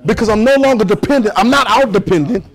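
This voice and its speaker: A man's voice: sits high, fast, poor audio. A man preaching a sermon, repeating phrases and leading his congregation in call and response.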